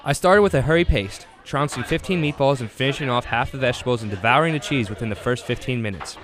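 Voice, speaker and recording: A man's voice: mid-range voice, fast talker, over music. A young man narrating his own food challenge in a dramatic, grandiose documentary style. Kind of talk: mock-epic documentary narration.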